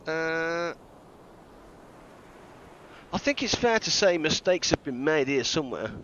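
A man's voice: on the high side, expressive, slow pace, a bit bright, slight background noise. Man streaming a game, lo-fi mic. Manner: thinks aloud, joking and self-mocking. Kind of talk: live gameplay commentary.

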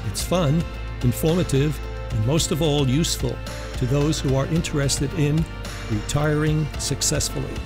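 A man's voice: a little high, steady tone, normal speed. Male announcer over guitar music. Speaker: show announcer. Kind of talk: scripted intro announcement.

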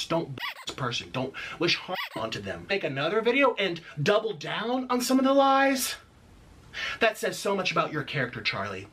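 A man's voice: high-pitched, sharp tone. A man delivering an angry, confrontational rant full of accusations and sarcasm. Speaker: video creator in an online feud.

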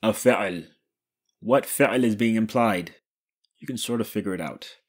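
Husky low-voiced man teaching grammar. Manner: asks questions and answers himself, repeats key phrases slowly. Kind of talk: explanatory lesson.

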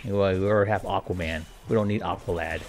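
A man's voice: sits low, fairly even intonation, fast talker, soft background music. A man casually commentating a video game, joking and talking playfully to the characters. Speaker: gameplay commentator.

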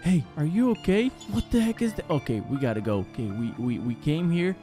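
A young man with a slightly high voice talks to his viewers while he plays a horror game, full of startled exclamations. Game music runs quietly behind him. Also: big pitch swings, brisk. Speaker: gaming channel host. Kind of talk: live game commentary.

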